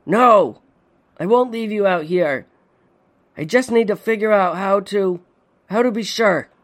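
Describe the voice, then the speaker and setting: A man's voice: sits high, normal speed, pitched above the performer's own voice. Man doing a frightened son calling out. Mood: desperate. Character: frightened young man, torn and desperate.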